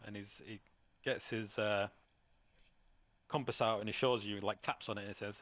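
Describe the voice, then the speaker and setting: Man running a tabletop game, lowish voice, dry close sound, lots of ums. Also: steady tone, fairly bright tone, dry recording. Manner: halting, full of ums and restarts. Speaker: game master.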